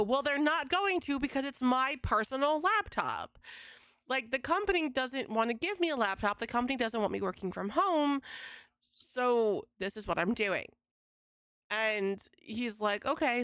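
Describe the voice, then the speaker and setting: A young woman livestreaming from home, venting to her chat in a casual, exasperated rant with swearing and quick retellings of conversations. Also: a little high, animated, fairly bright tone, clean tone, dry recording, clean studio sound. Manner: exasperated, swearing, quoting others in fast retelling. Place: home streaming setup.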